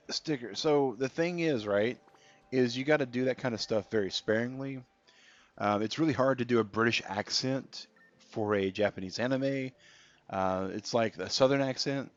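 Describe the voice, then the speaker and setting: A man streaming a game, chatting casually and reading out viewer comments. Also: lowish voice. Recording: dull lo-fi stream audio with faint music.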